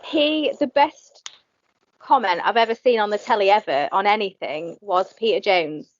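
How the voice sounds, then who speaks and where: A woman's voice: medium pitch, no room sound. A Northern English woman chatting as a podcast guest, swearing freely and breaking into impressions. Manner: animated, laughing, swearing, quick impressions. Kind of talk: casual chat. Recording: dull lo-fi podcast audio, dry.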